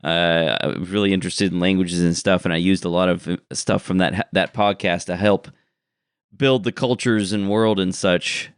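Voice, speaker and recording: A man's voice: low voice, fairly even intonation, normal speed, clear, resonant tone, dry recording, studio quality. A man chatting casually as the show's writer, explaining history with laughs. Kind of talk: casual chat.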